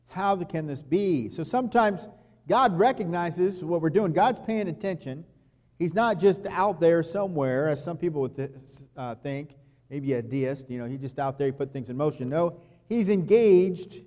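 Conversational pastor in a reverberant hall. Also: male voice, fairly high pitch, expressive, normal speed. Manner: conversational, drops to quiet asides and acts out quotes. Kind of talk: sermon.

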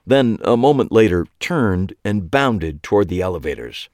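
A man narrating a first-person audiobook in a wry, expressive way. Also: sits low, measured pace, no room sound, studio quality.

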